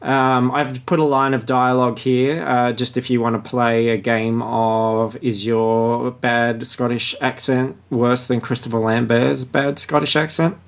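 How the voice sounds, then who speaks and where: A man's voice: mid-range voice, flat delivery, a little slow, hardly any pauses. A man hosting a podcast, chatting casually and sarcastically about a book and reading passages aloud. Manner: crude, joking, sarcastic. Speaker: podcast host.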